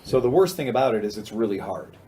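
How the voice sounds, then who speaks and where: A man's voice: on the low side, animated, fast, mellow, a little hiss or hum. A man co-hosting a casual motorcycle talk show, joking and rambling with friends. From Ohio, USA. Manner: joking, rambling, laughs often. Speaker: podcast co-host. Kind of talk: casual banter.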